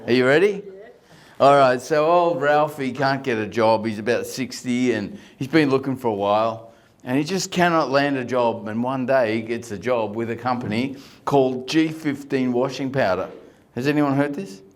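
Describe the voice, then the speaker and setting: A man's voice: medium pitch, normal speed. A man, a guest comedian telling a long joke in a chatty way. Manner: chatty storytelling.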